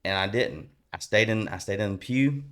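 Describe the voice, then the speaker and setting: A man with a somewhat low voice tells his personal conversion story as a podcast guest. He is earnest and animated, and he speaks in a loose, colloquial way, often restarting his sentences. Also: moderate pace. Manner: colloquial and rambling, with many restarts.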